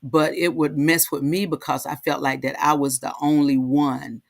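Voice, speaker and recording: A woman hosting a heartfelt, casual talk, halting and repeating herself, often asking "right?". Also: low-pitched, flat delivery, gravelly, no room sound, studio quality. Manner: halting, repeats words, frequent "right?" tags. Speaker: host.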